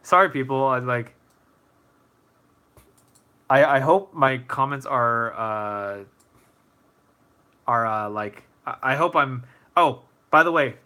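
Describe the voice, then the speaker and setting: Bright-voiced man hosting a live Q&A. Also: medium pitch, takes it slowly, long pauses. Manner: chatty and easygoing, heavy use of fillers, reads viewer comments aloud. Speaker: host of a live Q&A stream. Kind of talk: casual live-stream Q&A.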